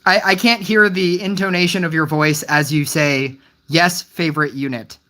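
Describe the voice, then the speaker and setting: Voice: mid-range voice, moderate pace. Rambling, puzzled game streamer. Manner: rambling and puzzled, many restarts; wry, gently teasing the chat. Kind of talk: casual live-stream chat.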